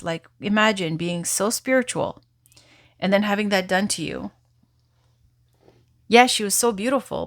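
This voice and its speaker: A woman's voice: mid-range voice, no echo, clean studio sound. A woman giving a casual, chatty tarot reading, rambling and swearing now and then. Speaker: tarot reader.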